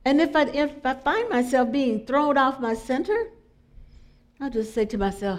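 A middle-aged woman with a fairly high voice gives an inspirational sermon at normal speed, pausing often. As a spiritual speaker, she talks conversationally, questions her listeners, and drops into soft, prayerful asides.

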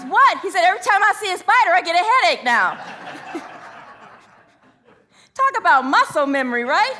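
A woman minister giving a chatty, informal sermon full of personal stories, often laughing as she tells them. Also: sits high. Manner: chatty, laughing, animated storytelling.

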